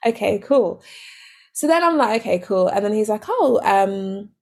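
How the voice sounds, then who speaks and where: A woman's voice: medium pitch, unhurried, creaky. A woman co-hosting a casual podcast chat, animatedly telling stories and acting out quoted lines. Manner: animated storyteller, acts out quoted dialogue. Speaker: podcast co-host.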